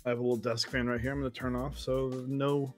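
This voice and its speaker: A man's voice: medium pitch, level tone, quick pace, soft background music. A man co-hosting a casual talk show, chatting loosely with lots of fillers. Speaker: co-host. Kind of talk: casual chat.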